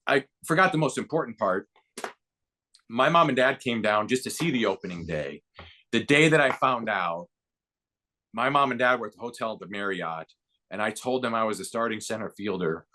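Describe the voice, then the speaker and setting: A man in his fifties, a baseball broadcaster and former player, tells stories as a podcast guest, acting out quotes with growing excitement. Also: lowish voice, normal speed, pauses often, a little hiss or hum. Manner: lively anecdote-telling with voiced quotes and rising excitement. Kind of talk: casual storytelling interview.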